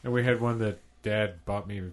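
A man's voice: fairly low pitch, fairly even intonation, moderate pace. A man reminiscing in easygoing casual chat with his brother on a podcast. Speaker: podcast co-host.

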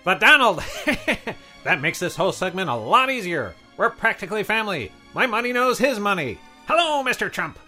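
A man's voice: sits high, very animated, moderate pace, bright, forceful tone, soft background music, exaggerated voice. A man doing a chipper, pompous rich miser. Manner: cheery, eager, chuckling, pompous. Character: chipper, wealthy miserly politician as Scrooge. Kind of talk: radio comedy sketch.

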